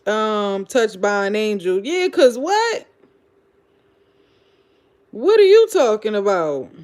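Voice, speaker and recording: A woman's voice: medium pitch, sing-song, takes it slowly, darkish tone. A woman with a Philadelphia accent hosting a casual livestream, reading comments and telling gossipy stories in a loose, profane, blunt way. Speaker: livestream host.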